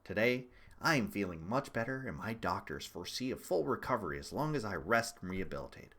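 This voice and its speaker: Brief: man doing a dry corporate statement voice, flat, formal, lowish. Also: quick pace, exaggerated voice. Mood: mock-formal. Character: stiff middle-aged businessman reading a statement.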